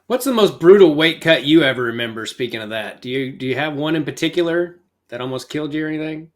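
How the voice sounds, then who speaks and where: A man with a somewhat high voice hosts a casual interview. He mostly offers brief acknowledgements and short, direct questions. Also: animated, quick pace. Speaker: interviewer, channel host.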